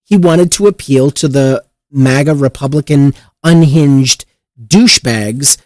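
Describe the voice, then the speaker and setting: A man's voice: mid-range voice, measured pace, a little mellow, no room sound. A man hosting a political commentary show, heated and profane, sometimes mocking other people's voices.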